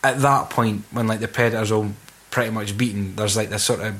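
A man's voice: on the low side, steady tone, brisk, fairly bright tone. A young Scottish man in casual, sweary conversation about a film. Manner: sweary, laughing, slips into mock voices.

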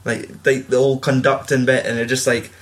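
Man, casual sweary film chat, mid-pitched. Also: flat delivery, brisk. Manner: swears a lot, acts out quotes in raised voices.

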